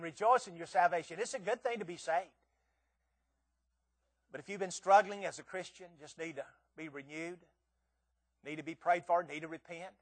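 A man's voice: high-pitched, fairly bright tone. A man in his sixties preaching a sermon as a visiting preacher, earnest and pleading, often stammering and repeating his words.

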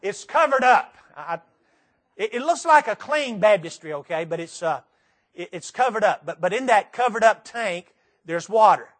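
A Southern preacher with a notably high voice delivers a sermon in a church. He speaks earnestly and repeats his points, slowing down to press each phrase home. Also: lively intonation, fairly bright tone. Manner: earnest, repetitive, slow emphatic phrases. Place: church sanctuary.

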